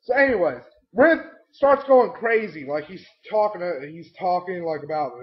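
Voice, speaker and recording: A man's voice: sits high, normal speed, few pauses, muffled recording. A man telling the story of his tabletop game weekend in a casual, rambling way, swearing constantly. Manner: heavy swearing, rambling and animated. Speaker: vlogger recounting his tabletop game session.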